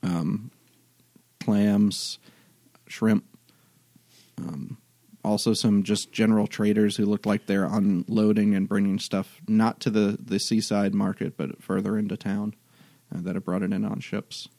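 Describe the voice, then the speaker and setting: A man narrating a tabletop game as game master, in an unhurried, halting way with many fillers. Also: fairly low pitch, level tone, creaky, warm tone, no echo.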